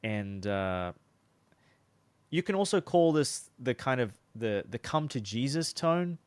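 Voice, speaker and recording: A man's voice: mid-range voice, sing-song, slow pace, smooth. A man coaching on sales in a conversational, instructional way, demonstrating different tones of voice. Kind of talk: casual instructional talk.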